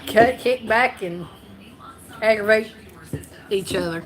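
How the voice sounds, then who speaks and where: A woman's voice: medium pitch, takes it slowly, noisy background. Southern-voiced woman from hosting her live chat; loose, giggly, talks her way through her own mix-ups. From North Carolina. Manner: rambling, laughs often, self-correcting. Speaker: livestream host. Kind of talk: casual live-stream chat.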